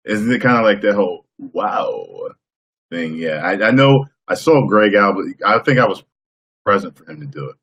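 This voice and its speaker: A man talks casually to viewers on his live stream. His voice sits very low but moves lively up and down. He is playful and boastful, and now and then he lets out a loud whoop. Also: normal speed, husky.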